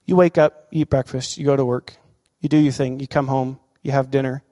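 A man preaching a sermon as a pastor, animated and questioning the congregation. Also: mid-range voice, fairly quick, in a large hall.

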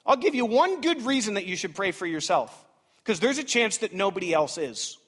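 A man in his thirties preaching a sermon as pastor, animated and dramatic, swinging between loud outbursts and hushed asides. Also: high-pitched, moderate pace. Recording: reverberant church hall.

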